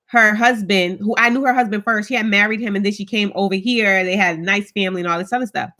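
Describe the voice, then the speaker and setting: A woman in her thirties chatting casually with her viewers as a vlogger, telling stories in an animated, colloquial way. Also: mid-range voice, fast. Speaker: vlogger host.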